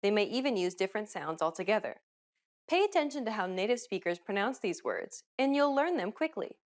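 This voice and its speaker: A woman hosting a pronunciation lesson, giving upbeat, clearly enunciated scripted instructions. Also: mid-range voice, sing-song, a little fast. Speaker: language teacher host.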